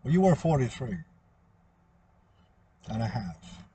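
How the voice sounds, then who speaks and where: A man's voice: medium pitch, very animated, slow, mellow, slight background noise. A man talking in a rambling, repetitive monologue that often trails off.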